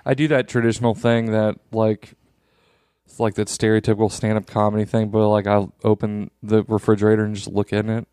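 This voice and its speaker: A man's voice: on the low side, flat delivery, brisk, warm tone, clean tone, no echo, studio quality. A man co-hosting a podcast, telling stories in a laid-back way with lots of fillers. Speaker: podcast co-host. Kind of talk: casual chat.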